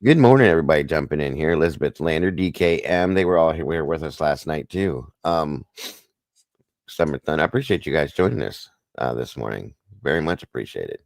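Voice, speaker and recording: A man with an extremely deep, low voice hosts a casual morning livestream. He chats and jokes, greeting viewers by name, in a dry, close-sounding room. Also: expressive, brisk, vocal fry, dry recording. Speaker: livestream co-host.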